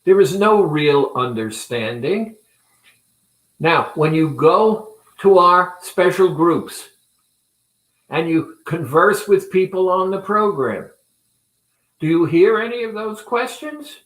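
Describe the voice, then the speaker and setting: A man who runs a weight-loss clinic, talking earnestly and deliberately to viewers in a promotional talk. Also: high voice, animated, a bit bright. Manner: deliberate, earnest, speaks with pauses. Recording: roomy echo.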